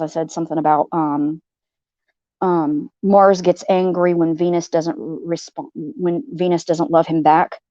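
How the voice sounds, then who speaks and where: A woman's voice: mid-range voice, darkish tone, no room sound, muffled recording. A woman hosting a livestream tells a personal story in a heated, blunt way, swearing freely and repeating phrases to drive her point home. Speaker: livestream host. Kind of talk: venting personal story to viewers.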